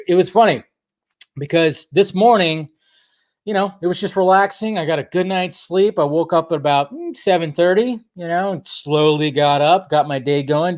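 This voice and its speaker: A young man hosting a casual live stream, chatting in a rambling way and talking straight to viewers in the chat. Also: on the high side. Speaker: host.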